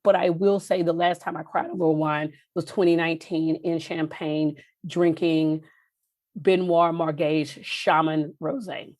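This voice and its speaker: A middle-aged woman from Texas, a podcast guest telling heartfelt stories, her pitch jumping up when she gets animated. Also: measured pace, no room sound. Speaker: podcast guest, wine journalist. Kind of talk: emotional storytelling interview.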